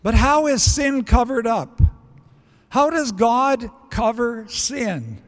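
A man's voice: very high-pitched, expressive, slow, in a large hall. A man preaching a sermon in earnest, acting out prayers and bits of dialogue as he goes. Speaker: pastor.

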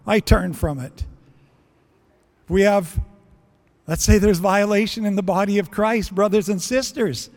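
A man's voice: high voice, a little slow, long pauses, in a large hall. A man preaching a sermon in earnest, acting out prayers and bits of dialogue as he goes. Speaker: pastor.

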